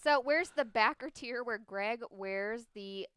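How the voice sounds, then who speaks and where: A bright, crystal-clear woman co-hosting a relaxed chat show from home. She talks in an upbeat, giggly way, often turning to the viewers as "guys." Her voice sits a little high and sounds dry and close. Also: slow, no echo. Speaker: podcast co-host. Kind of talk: casual chat. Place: home studio room.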